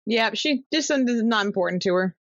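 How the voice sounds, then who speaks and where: A woman co-hosting a book club podcast, chatting casually with short agreeing replies and quick quips. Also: a little high, lively intonation, dry recording. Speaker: podcast co-host. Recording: dull, muffled sound.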